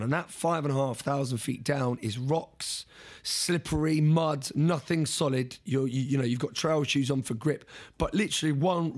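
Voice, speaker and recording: A man telling a story as an interview guest, in a casual, animated way, repeating words and restarting sentences. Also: medium pitch.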